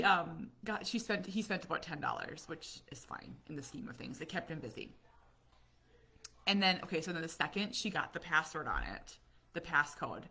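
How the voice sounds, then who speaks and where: Brief: American woman, middle-aged, chatty live-stream storyteller; lower voice that lifts high when she quotes people. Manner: storytelling, animated, acts out quotes. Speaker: vlogger, autism parent. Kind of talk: casual live chat.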